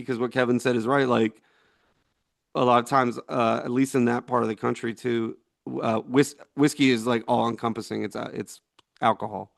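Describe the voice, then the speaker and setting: A man's voice: medium pitch, steady tone, moderate pace, creaky, no room sound, studio quality. A man in his forties, a veteran being interviewed, telling a story in a rambling, laughing way with many fillers. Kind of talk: casual storytelling.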